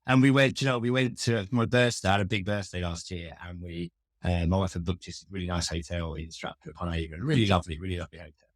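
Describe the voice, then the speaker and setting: A low-pitched man talks casually as a podcast guest, spinning wry, self-mocking anecdotes about service. The sound is dry and close, with no room echo. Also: fairly even intonation, fast. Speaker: customer experience expert, podcast guest. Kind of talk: casual interview conversation.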